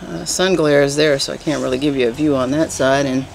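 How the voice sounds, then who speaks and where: A woman's voice: a bass voice, steady tone, a little fast, creaky, slight background noise. Woman, Southern US accent, casual home vlog, handheld camera, folksy chatter. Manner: chatty, folksy, says y'all a lot. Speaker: vlogger. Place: home, indoors and in the yard.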